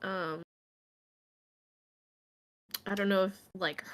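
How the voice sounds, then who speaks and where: Slow, rambling woman player. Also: medium pitch, fairly even intonation, fairly bright tone. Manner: rambling, thinking aloud, joking. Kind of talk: casual tabletop chat. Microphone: home mic on a video call.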